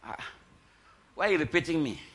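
A man's voice: on the high side, very animated, fairly quick, a bit bright, slight background noise. A man voicing his wife in a bad mood, giving terse one-word replies on the phone. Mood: sulky. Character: curt, sulking wife on the phone.

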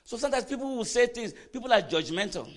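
A man preaching a sermon, quizzing the congregation with questions and swinging from quiet asides to loud emphatic bursts. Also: extremely high pitch, quick pace. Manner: animated preaching, call-and-response questions to the congregation. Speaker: pastor.

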